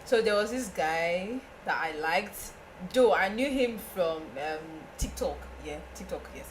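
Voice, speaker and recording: A young woman with a Nigerian accent, a podcast guest telling a story in casual chat, animated and often laughing. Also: unhurried, a little hiss or hum. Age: young adult. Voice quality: laughing, animated, breaks into high squeals.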